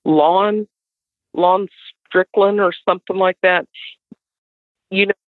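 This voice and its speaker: A middle-aged woman with a West Virginian accent, telling a story as an animated guest. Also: mid-range voice, slow, dry recording. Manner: animated storyteller, acts out others' voices. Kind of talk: casual storytelling. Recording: tinny dry phone line.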